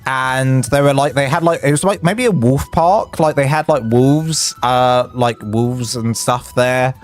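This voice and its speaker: A man with an English accent chatting on a live game stream, rambling between building tips and chat stories, his voice jumping up when excited. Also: medium pitch, a little slow, faint music behind. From England.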